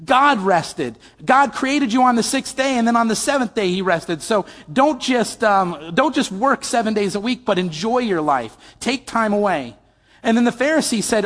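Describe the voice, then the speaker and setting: High-voiced man preaching in a hall. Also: animated, moderate pace, a bit bright. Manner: conversational, asks the audience questions. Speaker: pastor. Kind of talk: sermon.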